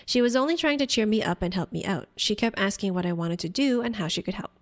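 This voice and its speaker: A woman's voice: medium pitch, lively intonation, fast talker, voice pushed down, close to an everyday voice. A woman reading aloud as a guilt-ridden, lonely young man from a dating game. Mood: remorseful.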